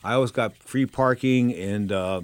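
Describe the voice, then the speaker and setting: A man's voice: medium pitch, unhurried, smooth, no echo. An older man hosting a boxing talk radio show, rambling and opinionated, often repeating himself in a casual monologue.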